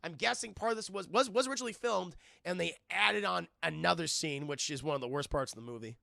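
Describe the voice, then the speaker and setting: A man reviewing a film on a live stream, talking to his chat in an animated, profane way. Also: sits high, quick pace, creaky, no echo, studio quality. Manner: animated, profane, laughs often, talks to chat.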